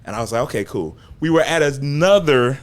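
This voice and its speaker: A man hosting a live stream who tells a story in a casual, animated way and acts out the quoted lines. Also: fairly high pitch, fairly quick, clean tone. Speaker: host. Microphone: video call.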